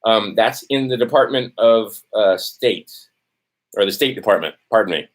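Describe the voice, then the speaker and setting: A man whose voice is on the low side, with lively intonation and a normal pace, rants heatedly to camera as a vlogger. He's profane and testy, repeats "right?" often, and loses his place in his notes.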